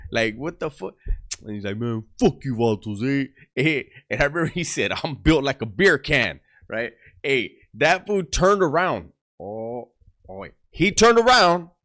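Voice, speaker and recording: A man's voice: fairly high pitch, bright, forceful tone. A man telling a story to his channel in casual talk, laughing often and using streetwise slang. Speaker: YouTuber.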